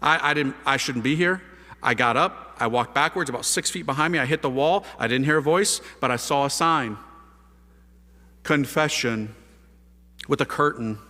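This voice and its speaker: A man telling a lively personal testimony as a priest, speaking in casual slang with big swings in his voice. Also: mid-range voice, normal speed. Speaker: priest giving a conversion testimony. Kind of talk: animated spoken testimony. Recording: echoey hall.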